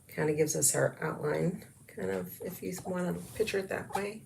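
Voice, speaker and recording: A woman's voice: lowish voice, normal speed, vocal fry, darkish tone, slight background noise. A woman talking viewers through a craft project in a chatty tutorial, often dropping into whispers as she works. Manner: chatty, talks to viewers while working, often drops to whispers. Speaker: craft demonstrator. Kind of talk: casual craft tutorial chat.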